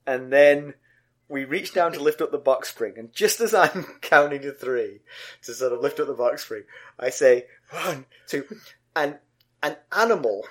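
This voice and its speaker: A middle-aged man co-hosting a podcast, telling a funny story with lots of laughter and sudden high yelps. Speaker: podcast co-host. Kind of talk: casual chat and animated storytelling.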